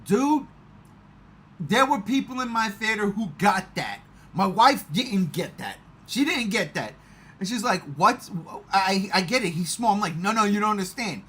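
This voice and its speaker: Man, husky tone, lively swinging pitch, excitable casual movie chat. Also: measured pace. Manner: excitable, swears often, animated bursts. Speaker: podcast host.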